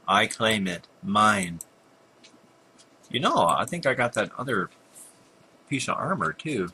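An older gameplay commentator talks slowly with long pauses in a low, husky voice that is pushed and bright and swings widely in pitch. Chatting through a computer game, he mutters at the monsters and often apologizes for yawning.

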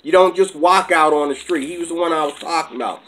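A man's voice: a little high, fast, fairly bright tone, rough recording. A man ranting on his own video channel, agitated and combative, jumping from point to point. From America. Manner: agitated, combative, jumps between topics. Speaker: channel host. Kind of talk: heated vlog rant.

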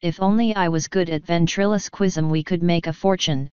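A woman voicing a sly, scheming male tomcat in an audiobook, wheedling and talking in quick asides. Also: lowish voice, fairly even intonation, a little mellow, clean tone, no echo, dull audio, natural voice. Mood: grumbling. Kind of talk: audiobook character voice.

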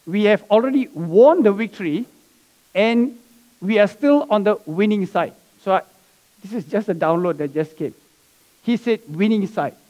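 Brief: male pastor, high-pitched voice, church sermon, story-led delivery. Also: expressive, normal speed. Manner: preaching with asides and soft laughs. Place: church sanctuary.

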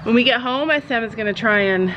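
Chatty woman vlogger, fairly high voice, muffled recording with loud background noise. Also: fast talker. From Canada. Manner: chatty, laughs often. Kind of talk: casual vlog chat. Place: outdoors at a horse barn.

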